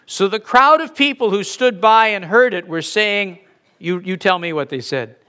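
A man preaching a conversational sermon, asking rhetorical questions and pausing for emphasis. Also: sits high, very animated, bright, forceful tone. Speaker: pastor.

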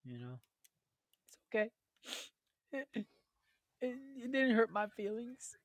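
A man's voice: high voice, very animated, measured pace, dry recording. A man hosting a casual group voice chat, running a cereal tournament with a teasing, chatty manner and frequent laughter, speaking into a headset on a call.

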